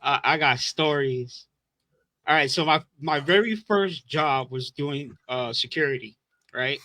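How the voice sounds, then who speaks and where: A man co-hosting a podcast, excitable and profane, reacting quickly and telling his own stories. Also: fairly high pitch, dry recording. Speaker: podcast co-host. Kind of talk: casual chat, storytelling.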